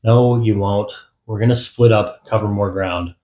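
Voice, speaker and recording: A man voicing a determined, quick-tempered young woman in an audiobook, pressing everyone urgently. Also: fairly low pitch, steady tone, dark tone, echoey room, highs cut off, lightly acted. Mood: insistent. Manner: urgent and insistent. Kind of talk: audiobook character voice.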